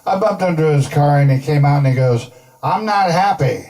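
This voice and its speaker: A man doing stand-up, firing off quick one-liners and slipping into voices for the people in his jokes. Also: on the high side, mellow, recorded from a distance, low-quality recording. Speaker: stand-up comedian. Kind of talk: stand-up joke telling. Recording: live show from off-mic with audience.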